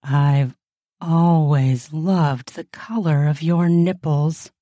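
A woman voicing a gentle, soft-spoken male artist who talks quietly and calmly. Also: no room sound, studio quality. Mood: tender. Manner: quiet, slow, low and calm.

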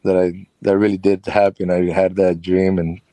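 A man's voice: sits low, flat delivery, normal speed, mellow, no echo. A man who runs a carpentry business, telling a personal story as an interview guest in a chatty, rambling way with frequent laughs.

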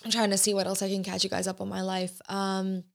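A woman's voice: medium pitch, monotone, fairly quick, vocal fry. A young adult woman hosting her own podcast, talking in a casual, rambling way with lots of fillers and restarts. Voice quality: chatty, many fillers and restarts. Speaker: podcast host. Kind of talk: casual chat.

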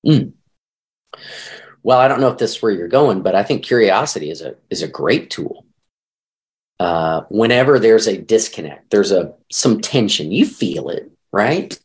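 Animated middle-aged male marriage counselor. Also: lowish voice, normal speed. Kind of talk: conversational podcast interview.

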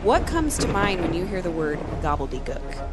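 A woman's voice: on the low side, very animated, normal speed, very noisy. A woman co-hosting a casual chat, reading quiz questions in a teasing way. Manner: teasing, laughs easily. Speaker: podcast co-host.

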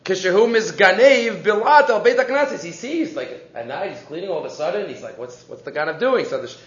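Animated high-voiced man teaching Torah. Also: fairly quick, echoey room, lo-fi sound. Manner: animated storytelling, mixing Hebrew and English, frequent restarts. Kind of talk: weekly Torah class.

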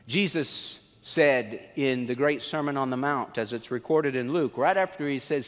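A male preacher with a fairly high voice, telling the story in a lively, conversational way. Each sentence rings out with a long reverb tail, as in a large hall. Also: normal speed. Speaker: pastor. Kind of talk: sermon.

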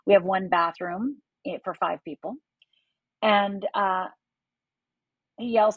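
Husky-voiced woman telling her life story. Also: on the low side, steady tone, a little slow, dry recording, highs cut off. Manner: earnest, vivid storytelling that speaks straight to the listener. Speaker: life coach guest. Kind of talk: personal storytelling in a podcast interview.

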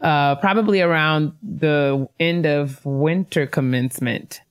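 A woman co-hosting a podcast, reading listener shout-outs and cheering them on, laughing easily. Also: sits low, a little slow, clear, resonant tone. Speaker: podcast co-host. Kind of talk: casual chat, reading listener emails.

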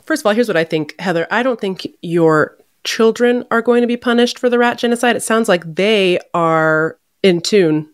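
A woman's voice: medium pitch, moderate pace, hardly any pauses, clean tone, dry recording, clean studio sound. A woman co-hosting a podcast, telling stories in casual chat and laughing often. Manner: animated storyteller who laughs often. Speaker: podcast co-host.

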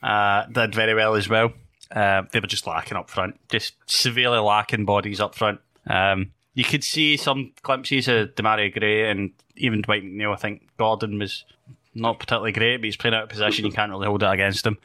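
A man's voice: lowish voice, fairly even intonation, fairly quick, bright, forceful tone. A man hosting a casual football podcast, rambling and laughing often. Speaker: podcast host.

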